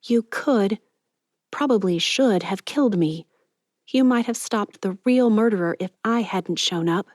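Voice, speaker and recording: A woman reading an audiobook, voicing an earnest, idealistic young woman who speaks softly and sincerely. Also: medium pitch, a little slow, no room sound, clean studio sound, pitched above the performer's own voice, lightly acted. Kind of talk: audiobook character voice.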